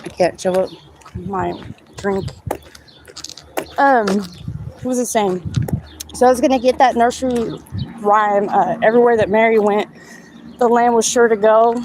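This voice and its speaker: Speaking slowly with long pauses over a noisy background, this fairly high-pitched young woman rambles through a relaxed tarot reading on a live stream. She addresses viewers directly and talks them through each card out loud.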